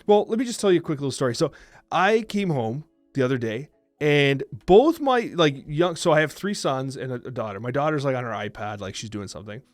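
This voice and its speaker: A man in his thirties co-hosting a podcast, telling stories in a quick, animated, talkative way. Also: medium pitch, dry recording, soft background music. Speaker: podcast co-host. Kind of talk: casual chat.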